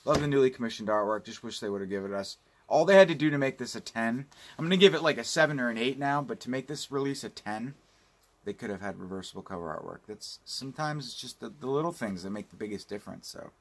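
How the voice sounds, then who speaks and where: Talking fast with lively intonation, a male vlogger who collects home video unboxes new releases in a casual review. His mid-range voice rambles and rants, and the swearing is plentiful.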